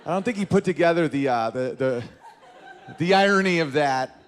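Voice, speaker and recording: Animated male stand-up comic. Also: a little high, moderate pace, slight background noise. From northern New York. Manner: animated storytelling, acting out voices in quotes. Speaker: stand-up comedian. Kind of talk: stand-up comedy set. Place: comedy club stage with live audience.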